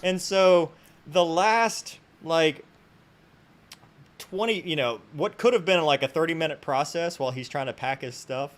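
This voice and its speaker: A man hosting a podcast, telling an anecdote in casual chat, animated and full of asides. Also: fairly high pitch, moderate pace. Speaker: podcast host.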